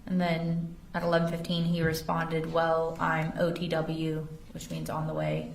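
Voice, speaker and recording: A woman's voice: deep voice, measured pace, slight background noise. A woman testifying as an investigator in a courtroom, carefully reading text messages aloud. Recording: echoey courtroom audio from far off.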